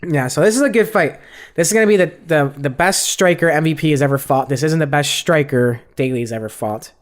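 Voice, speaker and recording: A man's voice: a little high, fairly quick. A young man co-hosting a podcast, chatting casually and profanely about fights with lots of fillers. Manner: rambling, profane fight breakdown with many fillers. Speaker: podcast co-host. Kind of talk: casual chat.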